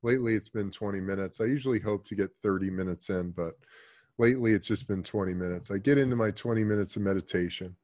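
A man in his thirties, a podcast guest, telling a story in a loose, profane way and swinging from hushed asides to loud emphasis. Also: on the low side, fast talker. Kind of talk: casual interview storytelling.

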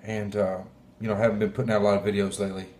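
Heartfelt low-voiced man preaching. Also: little pitch movement, darkish tone. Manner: heartfelt, halting, clears throat often. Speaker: pastor. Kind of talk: emotional sermon.

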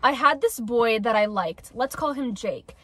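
A woman's voice: a little high, animated, a little slow, fairly bright tone, breathy edge. A nineteen-year-old woman chatting casually and reading stories aloud in a dramatic, giggly way. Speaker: host.

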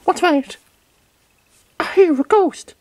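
A woman's voice: very high-pitched, takes it slowly, a little mellow. Woman voicing a goofy, spooked little dragon. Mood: scared. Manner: sing-song, goofy, playfully dramatic. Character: playful young dragon vlogger, easily spooked.

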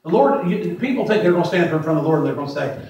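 A man in his forties preaching a sermon as pastor, plain-spoken, repeating himself and slowing down to stress verses. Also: fairly high pitch, expressive, darkish tone, a little hiss or hum. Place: church sanctuary. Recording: echoey church from far off.

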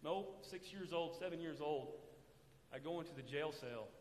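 A man's voice: fairly high pitch, moderate pace. A man preaching a sermon in a church, drawing call-and-response answers from the congregation by having them finish his sentences. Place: church sanctuary. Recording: echoey hall with long reverb.

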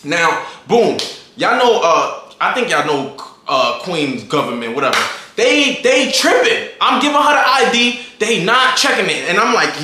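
Animated young man in an echoey room. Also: high-pitched, measured pace. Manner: animated, slangy, acts out his own lines. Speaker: vlogger. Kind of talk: storytime vlog. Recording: echoey room, faint noise.

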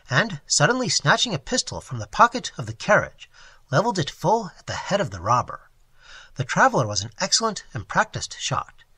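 A man narrating a classic novel as an audiobook, in an expressive, animated storytelling manner. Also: on the high side, husky, no echo.

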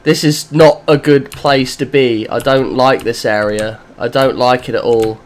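A man's voice: medium pitch, fairly even intonation, a little slow. A young man casually commenting as he plays a horror game with a friend, chatty and swearing often. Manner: chatty, swears often, talks to himself and his teammate. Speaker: gaming channel host. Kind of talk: let's play gaming commentary.

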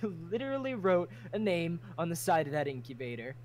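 A woman's voice: lowish voice, very animated, fairly quick, darkish tone. A woman voicing a sardonic young man who talks in a dry, teasing way.

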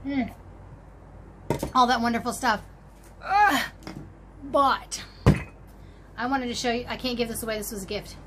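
A chatty woman with a high, bright voice rambles happily to her viewers, full of little exclamations as she rummages through things. A faint hiss of background noise sits under her talk. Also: steady tone, normal speed, long pauses. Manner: chatty, bubbly, talks to viewers while rummaging. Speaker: crochet channel host. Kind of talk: casual show-and-tell vlog.

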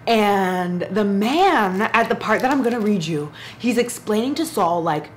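A woman book vlogger chatting casually on her reading vlog, animated and giggly, gushing with big excited jumps. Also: medium pitch, unhurried, hardly any pauses, a little hiss or hum.

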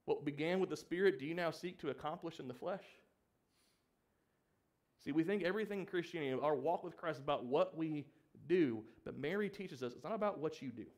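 High-voiced young pastor preaching. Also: male voice, fairly quick, darkish tone. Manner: preaching to a congregation, asks the room questions; acts out quoted pleas with rising emphasis. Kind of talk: sermon.

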